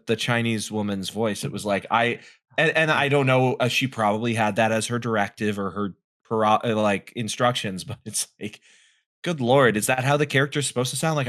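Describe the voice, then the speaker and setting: A man's voice: mid-range voice, normal speed, fairly bright tone. A man co-hosting a podcast in casual group chat, rambling and correcting himself as he wonders aloud. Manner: rambling, self-correcting, curious. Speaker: podcast co-host.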